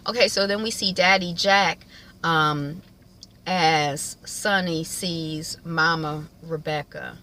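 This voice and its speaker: Woman, casual TV recap, chatty, lowish bright voice. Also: fairly even intonation. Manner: chatty, many fillers, quick impressions of characters. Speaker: TV recap vlogger.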